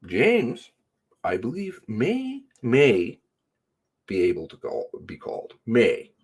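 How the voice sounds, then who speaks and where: A man's voice: mid-range voice, huge pitch swings, takes it slowly, husky. A man reading news reports aloud and breaking in with sarcastic comments. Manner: sarcastic asides.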